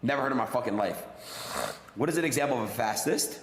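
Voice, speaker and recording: A man's voice: mid-range voice, lively intonation, quick pace. A man stumbling while reading aloud, swearing and saying bro. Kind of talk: casual on-stream chat. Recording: echoey room with faint noise.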